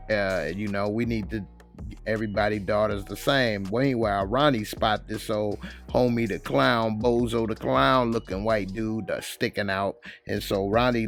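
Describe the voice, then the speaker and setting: A man recapping a TV episode casually, retelling scenes in slang. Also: lowish voice. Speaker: TV show reviewer.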